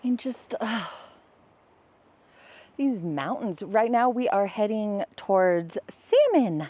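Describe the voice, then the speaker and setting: A woman's voice: medium pitch, big pitch swings, slow, warm tone. A woman vlogging outdoors in a casual way, gushing at her dogs in baby talk. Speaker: travel vlogger. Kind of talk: casual vlog narration. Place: outdoors near a river and highway.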